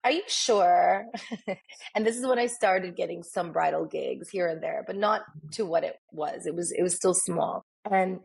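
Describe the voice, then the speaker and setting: A woman speaks as a guest in a casual interview, telling stories with animation. Her voice sits a little low and is gravelly and husky. She often slips into the voices of people she quotes. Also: moderate pace, few pauses. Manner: animated, acts out quoted dialogue. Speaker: podcast guest, makeup artist.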